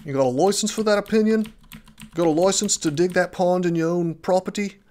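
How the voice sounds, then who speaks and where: A man putting on a mock British accent to play a pushy officer checking TV licences, loud and mocking. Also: high-pitched, fairly quick, pitched above the performer's own voice, lightly acted. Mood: mocking, bossy. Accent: put-on British.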